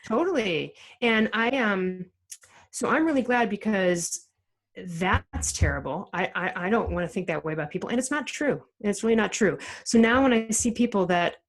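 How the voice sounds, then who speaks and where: A middle-aged woman, a guest author on a podcast, telling her story in an animated, emphatic way with many restarts. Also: mid-range voice, moderate pace, low-quality recording. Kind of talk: casual interview chat.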